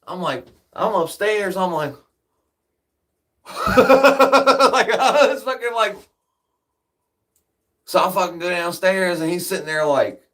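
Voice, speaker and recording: A man's voice: high voice, expressive, slow, long pauses, a bit bright. A man telling rambling, profane stories in casual chat, laughing often and drifting off on side tangents.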